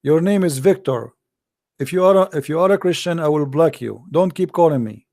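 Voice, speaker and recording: Call-in debate host, male, mocking and taunting, mellow voice pitched a bit high. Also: fairly quick. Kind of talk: live call-in religious debate.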